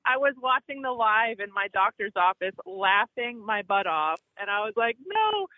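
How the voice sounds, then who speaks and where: A woman's voice: mid-range voice, normal speed, no echo. Bubbly woman caller on a dull phone line. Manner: bubbly, chatty, warm-hearted. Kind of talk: casual phone chat.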